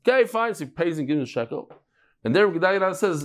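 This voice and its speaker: A middle-aged man giving a lively, joking Talmud lecture, mixing Hebrew and Yiddish terms into his English. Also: fairly high pitch, fast. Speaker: Talmud teacher.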